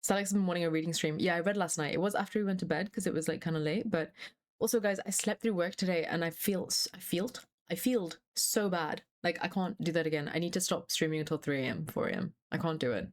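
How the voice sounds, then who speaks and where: A woman's voice: fairly low pitch, quick pace. A young woman streaming live, chatting casually with her chat in a scattered way, swearing freely and laughing often.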